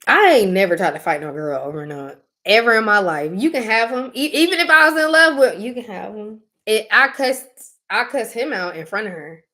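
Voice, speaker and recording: A young woman co-hosting a casual talk show, chatting freely. She tells her stories with animation, breaks into laughing asides and acts out what people said. Her voice sits at an ordinary middle pitch for a woman. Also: fairly quick. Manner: animated storytelling, acting out quotes; frequent fillers and laughing asides. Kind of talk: casual chat.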